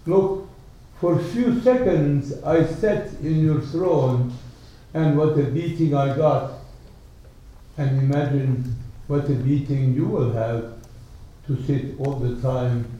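A man's voice: mid-range voice, slow, long pauses, dark tone, very echoey, highs cut off, natural voice. A man voicing a mournful holy fool who feigns madness, in a sermon story.

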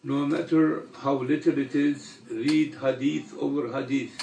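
An older man delivering a sermon in a slow, measured way with long pauses. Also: medium pitch, steady tone, vocal fry, mellow, slight background noise. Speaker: religious teacher. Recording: echoey room, mic far off.

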